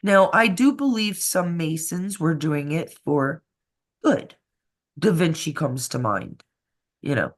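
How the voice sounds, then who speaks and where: Chatty, lower-voiced woman co-host. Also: expressive, takes it slowly. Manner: chatty, laughs often, jumps between topics. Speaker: podcast co-host. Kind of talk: casual conspiracy chat.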